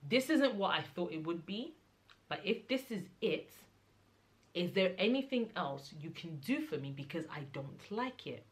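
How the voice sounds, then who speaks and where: A young adult woman vlogger telling a casual story, animated and mimicking the people in it, rising to exasperated high-pitched outbursts. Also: a little slow. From Nigeria.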